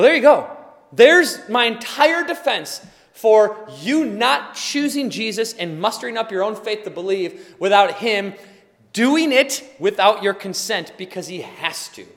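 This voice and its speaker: A man preaching a sermon as pastor, impassioned and building to emphatic, forceful delivery. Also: high voice, big-room sound.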